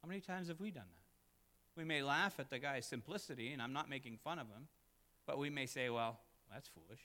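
A male pastor preaching a sermon, swinging from loud, emphatic peaks to hushed, quiet asides. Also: medium pitch, fairly quick. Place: church. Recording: long reverb of a church hall.

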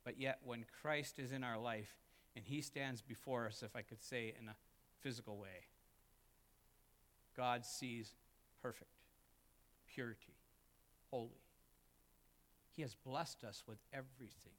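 A male pastor preaching a sermon, swinging from loud, emphatic peaks to hushed, quiet asides. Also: medium pitch, a little slow, pauses often. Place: church. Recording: long reverb of a church hall.

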